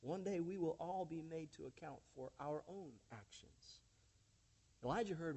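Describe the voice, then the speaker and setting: A man with a notably high voice delivers a sermon from the pulpit. He speaks emphatically to his congregation, calling them friends and church. He keeps turning points into rhetorical questions. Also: moderate pace, creaky, darkish tone, slightly rough. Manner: addresses listeners as friends and church. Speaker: pastor.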